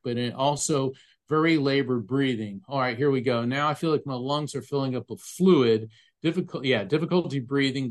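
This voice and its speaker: This is a man talking in an interview with an earnest, emphatic manner. He tells his stories at a medium pitch and describes physical sensations vividly, as a medium and former attorney. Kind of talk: conversational interview storytelling.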